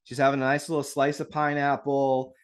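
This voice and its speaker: A man hosting a live real estate webinar, talking in an energetic, upbeat way straight to his audience over a video call mic. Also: medium pitch, fairly quick. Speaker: webinar host.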